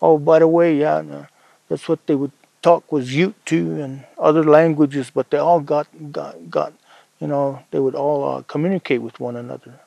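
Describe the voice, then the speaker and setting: A man from the Ute Mountain Reservation in Colorado telling a traditional story in an unhurried, conversational way. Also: fairly high pitch, fairly even intonation, vocal fry, mellow, no room sound, rough recording.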